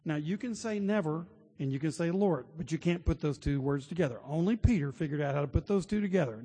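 Husky-voiced preacher in a reverberant hall. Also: male voice, a little high, brisk, mellow. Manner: earnest storytelling, rising to emphatic. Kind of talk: sermon.

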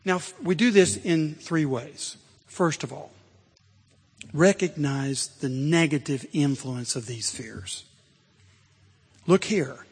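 Male pastor, high-pitched, husky voice, emphatic sermon delivery, long church reverb. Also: animated, a little slow. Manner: emphatic preaching, swelling to loud exhortation.

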